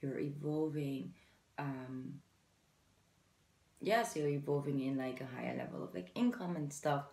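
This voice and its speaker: Low gravelly woman reading tarot. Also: steady tone, measured pace, pauses often, dark tone, reverberant, poor audio. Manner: chatty, encouraging, fillers like "you know". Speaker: tarot reader. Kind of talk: casual tarot reading to camera.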